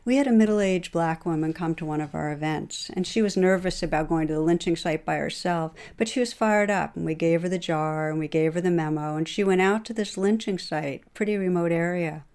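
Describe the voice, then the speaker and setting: Woman, meditation teacher, lowish voice, gentle measured storytelling, dharma talk. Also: clear, resonant tone. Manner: calm guided meditation instructions.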